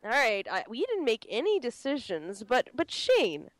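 A woman's voice: a little high, normal speed, dry recording. A woman co-hosting a casual true-crime podcast, rambling and swearing freely. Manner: animated, swearing, rambling with restarts. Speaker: podcast co-host.

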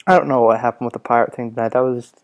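A young man hosting a casual solo podcast, raspy from a cough, rambling with lots of ums and restarts. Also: mid-range voice, steady tone, racing. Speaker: podcast host.

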